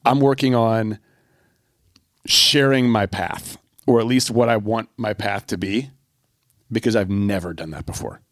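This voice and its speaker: A man's voice: lowish voice, measured pace, dry recording, studio quality. A man co-hosting a podcast, talking candidly with his wife in a reflective, self-deprecating way. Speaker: podcast co-host.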